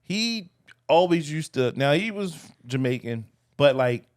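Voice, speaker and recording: A man co-hosting a podcast, chatting casually and telling stories in an animated way. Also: a little high, unhurried. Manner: animated storytelling, laughs often. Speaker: podcast co-host. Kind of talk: casual chat.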